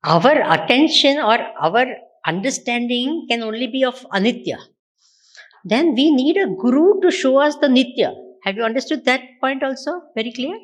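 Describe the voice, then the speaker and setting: Lively Indian woman teaching Vedanta. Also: high voice, moderate pace. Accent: Indian English. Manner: asks the audience repeated rhetorical questions. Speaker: spiritual teacher. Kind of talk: Vedanta discourse with questions to listeners.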